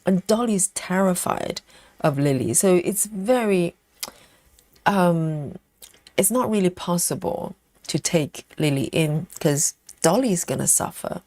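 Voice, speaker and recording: A woman's voice: fairly low pitch, lively intonation, slow, darkish tone, no room sound. A woman hosting a live stream in casual, chatty talk, reading out and answering viewer comments with frequent laughs.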